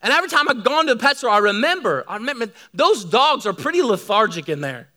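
A middle-aged man preaching a sermon, telling lively stories to his congregation. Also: very high voice, fast. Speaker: pastor.

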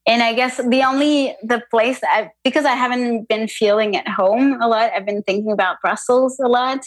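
A woman's voice: fairly high pitch, fairly even intonation, moderate pace, dry recording, low-quality recording. Woman with a mixed French-Spanish accent. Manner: thoughtful, hesitant, many restarts. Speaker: podcast guest, yoga teacher. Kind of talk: casual conversational interview.

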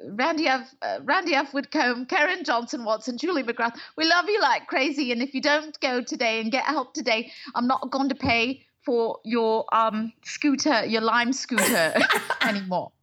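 A woman voicing a sweet middle-aged female interventionist in a high, sing-song pleading voice. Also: moderate pace, a bit bright, highs cut off.

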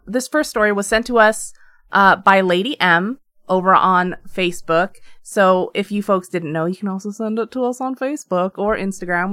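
A woman's voice: medium pitch, fairly bright tone, no echo, studio quality. A woman co-hosting a podcast, reading listener stories aloud with chatty asides and frequent laughs. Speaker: podcast co-host.

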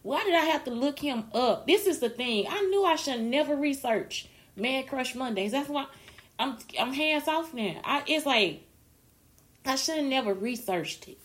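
A woman's voice: high voice, animated, normal speed. A woman talking in a rambling, slangy casual monologue, often breaking into laughter and tears.

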